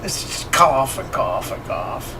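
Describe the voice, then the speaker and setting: A man narrating as game master of a tabletop horror game, unhurried and filling pauses with fillers. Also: medium pitch, big pitch swings, distant mic, background noise.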